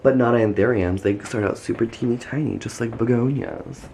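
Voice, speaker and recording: A man's voice: medium pitch, moderate pace, hardly any pauses, warm tone, a little hiss or hum. A man giving a casual tour of his houseplants at home, gushing and chatty, with lots of "like" in his speech. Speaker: plant vlogger.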